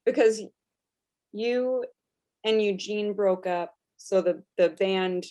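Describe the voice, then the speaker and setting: Slow-spoken woman interviewer. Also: medium pitch, mellow, slight background noise. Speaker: oral history interviewer. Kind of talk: interview questions.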